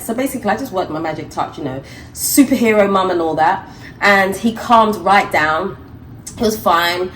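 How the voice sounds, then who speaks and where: A woman's voice: medium pitch, normal speed, a bit bright, a little hiss or hum, low-quality recording. A middle-aged woman, chatting and laughing to camera as a vlogger, recorded on a handheld phone. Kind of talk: casual chat to camera. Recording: music playing over the voice.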